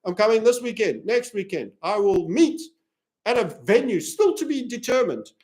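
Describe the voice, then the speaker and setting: A man's voice: high-pitched, very animated, normal speed, a little mellow. A man from Africa hosting a crypto chart analysis video, rambling and jokey as he walks through the charts. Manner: rambling, jokey, self-promoting. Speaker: crypto trading analyst and channel host.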